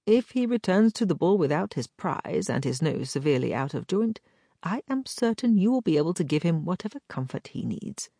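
A courtly gentleman captain, all polished flattery and quiet scheming, read by a woman. The voice sits low and slightly husky, yet rises and falls with lively movement. The recording is dry and close. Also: a little fast, no echo. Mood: smooth scheming. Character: charming smooth-talking gentleman captain, scheming. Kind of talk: audiobook character voice.

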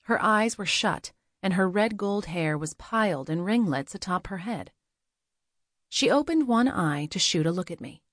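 A woman reading a first-person novel aloud as an audiobook narrator, in a measured, steady storytelling manner. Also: mid-range voice, no room sound, studio quality.

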